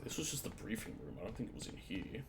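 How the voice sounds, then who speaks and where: A man's voice: lowish voice, very animated, quick pace, noisy background. A man streaming a video game, chatting casually to himself as he plays, swearing, laughing and trailing off, shivering a little from the cold. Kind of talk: casual let's-play commentary.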